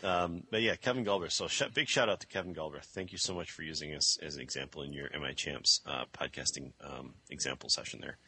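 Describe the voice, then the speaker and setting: A man with a very low, husky voice co-hosts a podcast in loose, casual chat. He rambles, circling back with ums and half-started phrases, and his tone has a bright, forward edge. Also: quick pace, few pauses. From Michigan, US. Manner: rambling, many fillers and restarts. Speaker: podcast co-host. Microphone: desk microphone.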